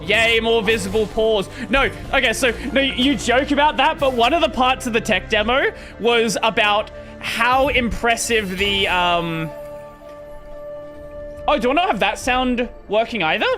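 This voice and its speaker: A man's voice: very high-pitched, measured pace, over music. A man chatting casually while streaming a game, rambling and swearing as he plays. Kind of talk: casual gameplay livestream chat.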